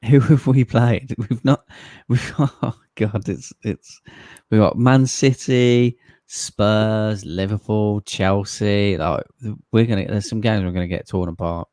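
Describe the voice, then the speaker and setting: A man's voice: on the low side, fairly even intonation, slow pace, darkish tone, no room sound, clean studio sound. A man co-hosting a live football fan stream, blunt and critical, laughing easily. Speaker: fan channel co-host.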